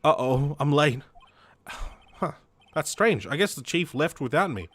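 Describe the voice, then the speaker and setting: A man's voice: on the high side, sing-song, a little slow, fairly bright tone, dry recording, heavily acted. A man voicing a nervous young male defense lawyer in a game. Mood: alarmed. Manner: nervous, alarmed.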